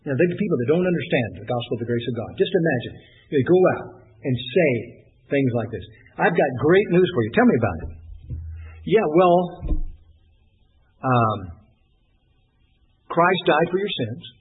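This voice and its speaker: A man preaching a sermon in an animated, emphatic way, punctuated with short laughs. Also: a little high, normal speed, pauses often, breathy edge. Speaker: pastor. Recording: tinny phone-like sound.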